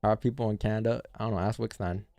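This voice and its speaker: A man's voice: lowish voice, steady tone, very fast, vocal fry, mellow, no echo, faint music behind. A man hosting a live trading stream, chatting casually with viewers and answering chat in loose, slangy talk. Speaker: forex day-trading streamer.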